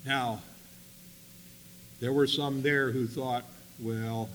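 Male preacher, bright and slightly high voice, long hall reverb, loud bursts and hushed asides. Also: expressive, a little slow, slight background noise. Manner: swings between loud emphatic bursts and quiet asides. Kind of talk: sermon storytelling.

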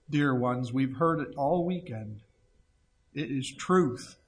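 Male preacher, slightly raised pitch; earnest, pleading sermon delivery with scripture readings. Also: takes it slowly, a bit bright. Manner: earnest pleading, reads scripture aloud in old-fashioned wording. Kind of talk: evangelistic sermon.

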